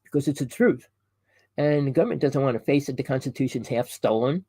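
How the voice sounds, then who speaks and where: A man's voice: medium pitch, brisk, dark tone, husky, no room sound, rough recording. A man delivering a rambling, preachy monologue to camera. He keeps correcting himself, calls his listeners "people" and fires off rhetorical questions. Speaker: online conspiracy commentator.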